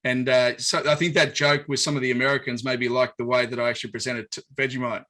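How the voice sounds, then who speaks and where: Host: Australian man, bright forceful voice, mid pitch, loose friendly rambling. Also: flat delivery, fast. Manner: rambling, friendly, many restarts. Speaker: podcast host. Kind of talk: casual interview chat.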